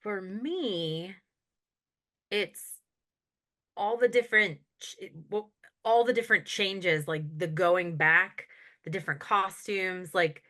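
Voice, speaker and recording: Woman, podcast co-host, casual recap, animated, laughs a lot, bright voice. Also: mid-range voice, slow. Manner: animated, laughs often while retelling scenes. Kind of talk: casual chat recapping a sitcom episode.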